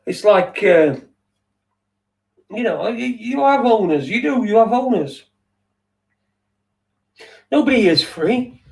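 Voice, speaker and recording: Man, middle-aged, rambling and sweary, fairly high voice, set back from the mic. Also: expressive, slow pace, vocal fry, pauses often, a little mellow. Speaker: podcast host. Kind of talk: casual late-night chat. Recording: distant from the mic.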